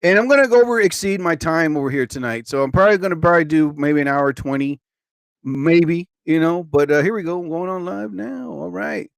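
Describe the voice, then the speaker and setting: A man hosting a live stream, rambling and animated with lots of filler words. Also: on the high side, fairly quick, creaky, dry recording, clean studio sound. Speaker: livestream host.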